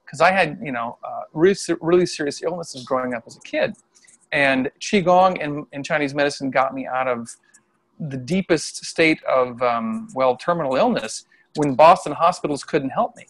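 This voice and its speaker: A middle-aged man, a Chinese medicine practitioner, telling a story in casual conversation from home over a video call, animated and laughing often. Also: on the high side, moderate pace. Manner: animated, acts out voices when quoting people, laughs often. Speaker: Chinese medicine practitioner and qigong healer, interview guest.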